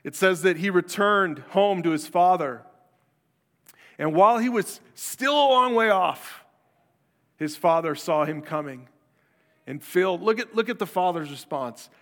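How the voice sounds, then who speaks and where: A man's voice: sits high, animated, measured pace, a bit bright. A man preaching a sermon as pastor, in a conversational style that acts out the people he quotes. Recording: long hall reverb.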